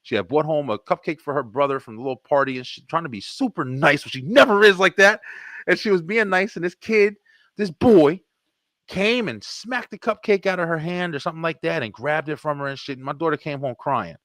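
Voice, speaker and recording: A middle-aged man hosting a podcast, telling stories in an animated, profane way. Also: on the high side, a little fast, no room sound, clean studio sound. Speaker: podcast host. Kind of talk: casual podcast chat.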